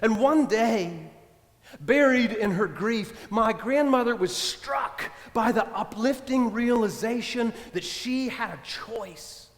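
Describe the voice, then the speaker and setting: A man's voice: extremely high pitch, expressive, takes it slowly. A male priest preaching a sermon, telling stories emphatically, repeating refrains and speaking directly to the congregation. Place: church. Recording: long church reverb.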